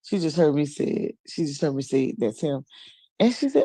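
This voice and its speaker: A woman's voice: on the high side, moderate pace, vocal fry, dry recording. A woman chatting casually, telling a funny story with lots of laughter and voices. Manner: animated storyteller, laughs often. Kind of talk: casual chat.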